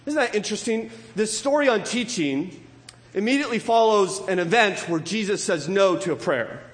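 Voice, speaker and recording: A man with a high voice preaches a sermon, his words trailing off into the long reverb of a large hall. He keeps turning to his congregation with rhetorical questions. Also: animated, normal speed. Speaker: pastor.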